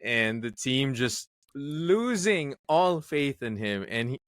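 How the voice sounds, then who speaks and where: A man's voice: mid-range voice, sing-song, takes it slowly, a bit bright, dry recording. A man co-hosting a casual podcast chat, talking emphatically with frequent fillers. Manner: emphatic, bold predictions, many fillers. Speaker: podcast co-host.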